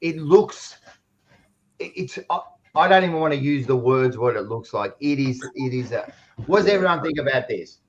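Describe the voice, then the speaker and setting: A man's voice: medium pitch, expressive, moderate pace, highs cut off, a little hiss or hum. Rambling Australian man hosting a footy podcast. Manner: rambling, restarts often, blunt and swears. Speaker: podcast host. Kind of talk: casual sports chat.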